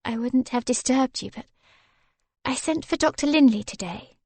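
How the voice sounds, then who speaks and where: A woman voicing a gentle, flustered young wife in an eager, breathless manner for an audiobook. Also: high-pitched, normal speed, dry recording, pitched above the performer's own voice.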